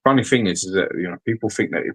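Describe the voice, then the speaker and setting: A man's voice: on the low side, rapid-fire, husky, poor audio. A man co-hosting a casual podcast, swearing often and explaining things through everyday comparisons. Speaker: podcast co-host.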